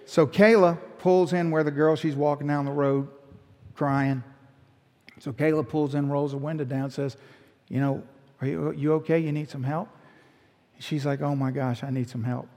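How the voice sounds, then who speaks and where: Gravelly middle-aged preacher, reverberant hall. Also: male voice, on the high side, normal speed. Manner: animated storyteller, voicing the people in his story. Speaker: pastor. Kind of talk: sermon storytelling.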